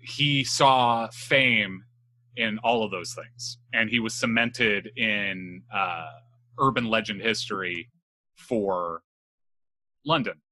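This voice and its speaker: A man's voice: fairly low pitch, slow pace, pushed and bright, no room sound. A man hosting a casual chat, telling a spooky legend with jokes and swearing. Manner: joking, swears freely, laughs while telling. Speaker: podcast host telling a legend.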